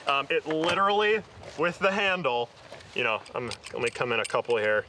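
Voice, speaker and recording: Showing off his tool kit, an off-road show host keeps things relaxed and cheerful, with frequent laughs and plenty of fillers. He speaks at medium pitch and a moderate pace over a noisy background.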